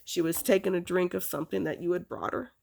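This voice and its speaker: A woman recounting a painful personal memory, halting, with many fillers and restarts. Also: lowish voice, fairly even intonation, gravelly, a little mellow. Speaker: storyteller.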